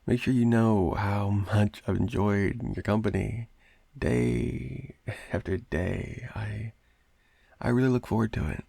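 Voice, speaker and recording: Guy doing a needy obsessive roommate for audio roleplay, slow gravelly voice, stammers and laughs nervously. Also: lowish voice, fairly even intonation, warm tone, dry recording, heavily acted. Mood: fond, coaxing. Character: clingy obsessive young male roommate, possessive.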